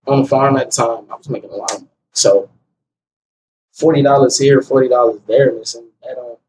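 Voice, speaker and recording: A young man casually telling a personal story, acting out what people said with a raised, animated voice. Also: mid-range voice, brisk. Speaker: guest telling his story. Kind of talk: casual conversation. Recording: distant mic with faint ambient noise.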